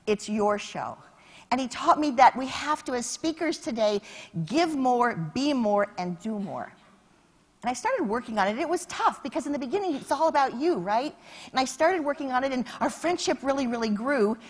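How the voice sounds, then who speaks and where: High, animated woman giving a keynote. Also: moderate pace, slightly rough. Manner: energetic, animated, acts out quotes. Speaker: motivational keynote speaker. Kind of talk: keynote speech with storytelling. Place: conference stage.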